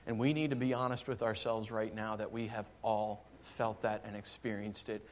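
A male pastor preaching a sermon, dropping to hushed, slow lines and then rising into fervent, pleading passages. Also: lowish voice, level tone.

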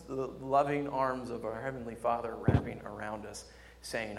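A male pastor preaching a sermon with impassioned delivery, swinging between loud emphasis and hushed, tender tones. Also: mid-range voice, little pitch movement, normal speed, vocal fry, long reverb tail.

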